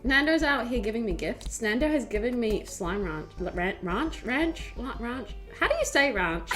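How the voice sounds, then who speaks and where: A woman streamer chatting casually, telling stories in an animated, giggly way with lots of fillers. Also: fairly high pitch, moderate pace. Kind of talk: casual chat. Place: home streaming setup. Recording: faint music behind.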